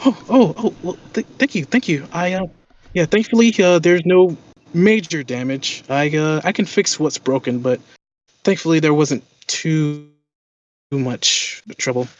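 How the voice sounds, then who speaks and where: A man's voice: a little high, unhurried, a little hiss or hum, lightly acted. A man playing a stammering meek helper. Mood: apologetic. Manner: stammering, apologetic. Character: meek, clumsy male shop helper. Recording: dull lo-fi audio.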